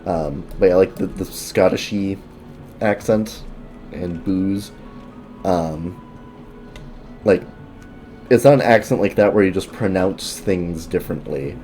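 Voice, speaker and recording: A man's voice: low voice, slow pace, pauses often, mellow, soft background music. A man streaming a game, talking casually in rambling asides full of fillers. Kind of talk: casual gameplay commentary.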